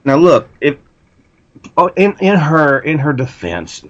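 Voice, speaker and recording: A man's voice: a little high, very animated, takes it slowly. A middle-aged man co-hosting a radio talk show, cracking dry jokes and asides in casual banter. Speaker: radio co-host. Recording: dull lo-fi radio sound.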